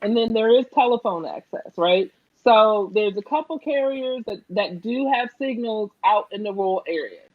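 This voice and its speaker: A woman's voice: medium pitch, expressive, normal speed, highs cut off. A woman with a New Jersey accent, a political candidate on an online panel, speaking earnestly and emphatically and often asking "right?".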